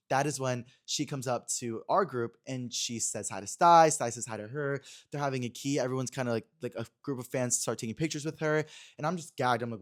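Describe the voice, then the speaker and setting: A man's voice: mid-range voice, quick pace. A young man hosting a podcast, telling a story in casual, gossipy chat full of slang and fillers. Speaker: podcast host. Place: Los Angeles.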